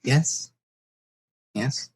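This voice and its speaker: A man hosting a podcast in casual chat, playful and teasing with his guest. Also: extremely slow. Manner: playful, teasing, jumps into silly voices. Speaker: podcast host.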